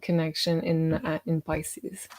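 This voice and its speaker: A woman's voice: sits low, level tone, unhurried, a little mellow. Matter-of-fact woman explaining astrology.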